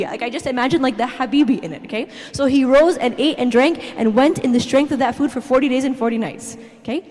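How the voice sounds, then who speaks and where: A woman giving an animated, chatty sermon talk to young people, constantly checking "okay?". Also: sits high, fast talker, few pauses, in a large hall. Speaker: church youth speaker.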